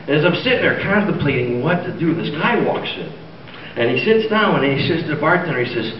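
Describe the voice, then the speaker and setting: A man doing a stand-up comedy set in a church hall, telling a story and acting out the dialogue in high voices. The audience laughs. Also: big pitch swings, quick pace. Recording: distant, muffled, noisy recording in a roomy hall.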